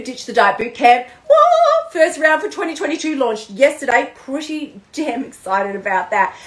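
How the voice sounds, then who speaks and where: A woman in her thirties, a weight-loss coach giving an animated, chatty pep talk on a live stream, laughing often and swearing lightly. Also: fairly high pitch. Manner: bubbly and animated, with frequent laughs and mild swearing. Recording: roomy echo.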